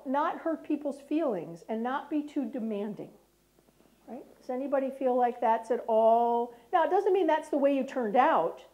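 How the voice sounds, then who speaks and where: Lively high-voiced American woman lecturing. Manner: lively, checks in with "right?" often. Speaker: speaker. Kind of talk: lecture talk.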